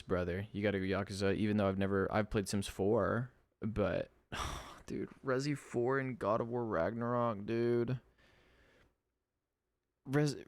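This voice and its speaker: A man's voice: on the low side, no echo. A young man hosting a solo podcast, tired from a sleepless night, chatting in a laid-back, slangy way with lots of ums. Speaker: podcast host. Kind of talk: casual solo podcast chat.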